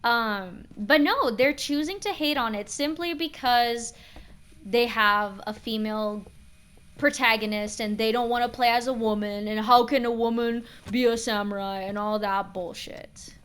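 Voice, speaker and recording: A young adult woman streaming a game and chatting casually, expressive and slangy, swearing freely. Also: a little high, a little slow, smooth. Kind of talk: casual chat while gaming.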